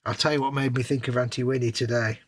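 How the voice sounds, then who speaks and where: A British man co-hosting a casual live stream, telling stories in a relaxed, amused way. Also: medium pitch, quick pace. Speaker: livestream co-host.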